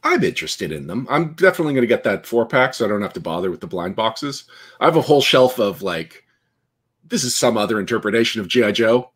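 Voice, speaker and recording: A man's voice: on the low side, sing-song, fast talker, fairly bright tone, breathy edge. A man giving his opinions in a casual chat, heard from further off the microphone.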